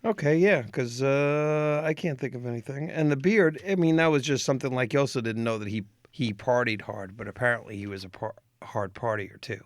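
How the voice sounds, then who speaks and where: A man's voice: medium pitch, fairly quick, hardly any pauses, no echo, studio quality. A man co-hosting a podcast, mostly chiming in with short agreeing remarks in casual chat. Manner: brief agreeing interjections.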